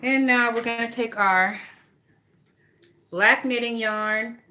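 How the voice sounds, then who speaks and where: Bright-voiced, blunt, gossipy woman. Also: fairly high pitch, steady tone, slow. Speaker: vlogger. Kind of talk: casual chat while crafting.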